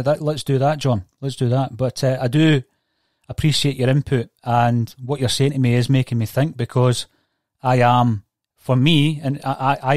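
Male podcast host, earnest and halting, recorded dry. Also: medium pitch, darkish tone, no room sound. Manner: earnest, hesitant, many fillers. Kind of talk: interview questions.

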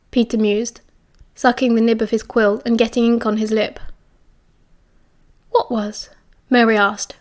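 Woman reading an audiobook, slightly high. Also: a little mellow. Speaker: audiobook reader. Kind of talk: audiobook narration of fan fiction.

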